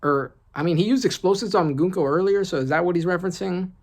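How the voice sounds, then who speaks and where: A host reading comic panels aloud and reacting excitedly in casual commentary, often asking "right?". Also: mid-range voice, quick pace. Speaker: manga reaction channel host.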